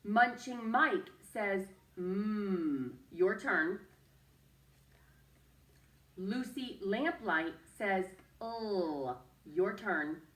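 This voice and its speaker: A woman's voice: medium pitch, drawn-out words, long pauses, fairly bright tone, roomy sound, recorded from a distance. A woman teacher leading a young children's phonics lesson, patient and sing-song, coaxing them to repeat after her. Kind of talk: early-reading phonics lesson.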